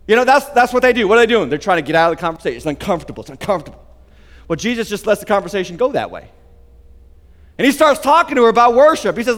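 Male pastor, high voice, lively emphatic sermon delivery, long hall reverb. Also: fast talker. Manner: animated, emphatic preaching with asides.

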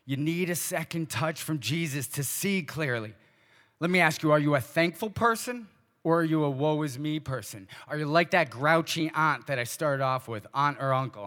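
A male pastor delivers a sermon in a slightly higher voice, firing short pointed questions at the congregation and then dropping to quieter asides. His words ring out with the long reverb of a large church hall. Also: moderate pace.

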